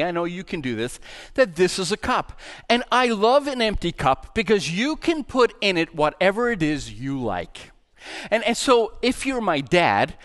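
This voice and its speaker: A middle-aged male pastor telling a story in a sermon, animated and acting out the voices in it. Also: high-pitched. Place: church.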